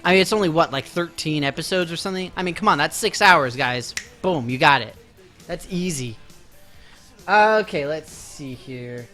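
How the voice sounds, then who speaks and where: A man's voice: fairly high pitch, animated, moderate pace, sharp tone, soft background music. A man live-streaming a video game, chatting casually and mocking himself to his viewers while he plays.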